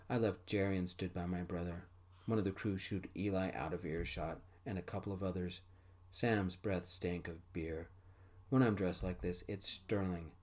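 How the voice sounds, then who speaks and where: A man gently narrating a first-person story in a soft-spoken ASMR style. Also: deep voice, fairly even intonation, normal speed.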